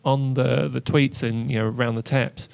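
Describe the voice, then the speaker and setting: Gravelly New man, hesitant. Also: medium pitch, level tone, normal speed, a little mellow. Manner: hesitant, restarts often. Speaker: podcast guest. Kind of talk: casual chat.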